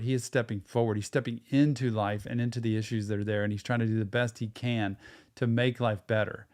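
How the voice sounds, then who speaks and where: A man's voice: mid-range voice, clear, resonant tone. A man hosting a live reaction show, breaking down song lyrics in an earnest, explanatory way.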